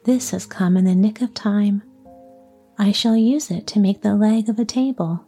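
A woman's voice: medium pitch, moderate pace, warm tone, slightly rough, faint music behind. Woman doing a jittery old carpenter. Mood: mumbling. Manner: mumbling, trembling and stuttering. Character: old male carpenter, jumpy and easily frightened.

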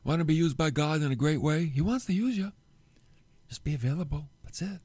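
A middle-aged man preaching a sermon, telling the story with animated delivery and acting out the quoted lines. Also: on the high side, brisk, husky, no echo. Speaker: pastor.

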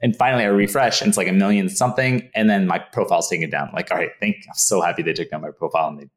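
A man telling a story in an interview, animated, acting out his own past thoughts and laughing often. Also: low-pitched, racing. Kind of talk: casual anecdote in an interview.

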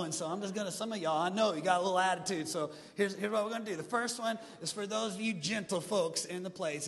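A man preaching to a congregation. His voice sits high for a man, and he keeps the crowd joining in. The sound rings with the long reverb of a big hall. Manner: animated preaching, talks to the congregation and gets them to join in. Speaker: pastor. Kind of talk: sermon.

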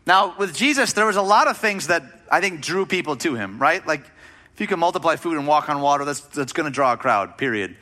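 A man's voice: on the high side, expressive, fairly quick, bright, forceful tone. A man preaching a sermon as a pastor, speaking in a conversational, emphatic way with rhetorical questions.

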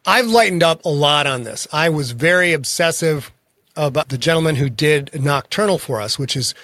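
A man's voice: on the high side, lively intonation, normal speed, pushed and bright, dry recording. Man, author guest, casual interview, frank, self-deprecating, dry close sound.

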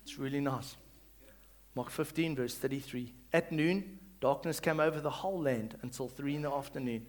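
A male pastor reading scripture and preaching, swinging between loud calls and hushed reading and leading the congregation to repeat after him. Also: mid-range voice, normal speed. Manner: leads the congregation in call-and-response.

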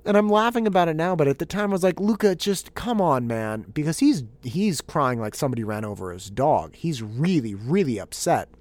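A man telling a story from home life in a casual monologue, animated and exasperated, laughing at himself and often restarting his sentences. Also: fairly high pitch, fairly quick, few pauses, no room sound. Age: adult father of young children. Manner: animated, exasperated and self-mocking, with frequent restarts. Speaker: podcast host.

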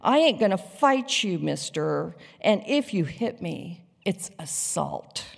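A woman voicing a crude male truck driver who taunts in a slow, deliberate drawl. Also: on the low side, sing-song, vocal fry, exaggerated voice. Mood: taunting. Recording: long hall reverb.

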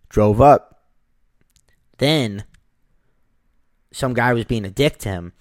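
A man with a fairly low voice tells a personal anecdote in a casual, animated way. He voices the people in his story. The sound is dry and close. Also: a little slow, pauses often, no room sound.

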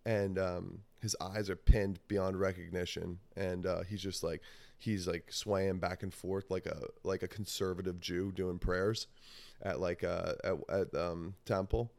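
A man with a low, gravelly voice tells a story in loose, casual talk. He rambles, swears freely and breaks into laughs as he goes. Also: steady tone, a little slow, a little mellow, no room sound. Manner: rambling, profane, laughs often. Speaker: podcast host.

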